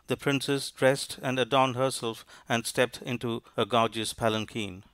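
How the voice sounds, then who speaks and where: A man narrating a storybook in a measured, even reading. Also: mid-range voice, clean tone, dry recording. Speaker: audiobook narrator.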